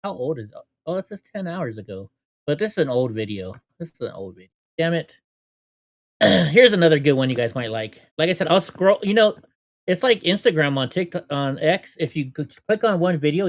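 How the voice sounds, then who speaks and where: A man's voice: fairly high pitch, expressive, fairly quick. A middle-aged man hosting a casual reaction commentary, mumbling and tossing off sarcastic asides. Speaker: commentary channel host.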